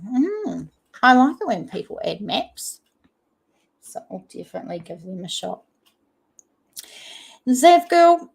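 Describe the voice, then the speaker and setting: A gravelly, medium-pitched voice belongs to this livestream host from New Zealand, who has a New Zealand accent. She chats casually and reads viewer comments out loud.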